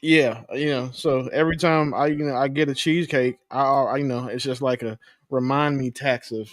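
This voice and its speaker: A man co-hosting a casual podcast chat, explaining his thoughts in a halting, thoughtful way. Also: medium pitch, fairly even intonation, no echo, studio quality. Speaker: podcast co-host.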